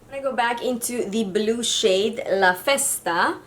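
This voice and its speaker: A woman's voice: fairly high pitch, moderate pace. A woman from Mexico, a beauty vlogger, chatting casually through a makeup tutorial with easy fillers.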